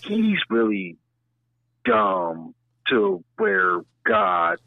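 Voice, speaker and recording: A man in casual chat, profane and emphatic, with a voice that sits a bit high and swings lively in pitch. He sounds like he is on a tinny, phone-like line with no room sound. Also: very slow, gravelly, no room sound. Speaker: co-host.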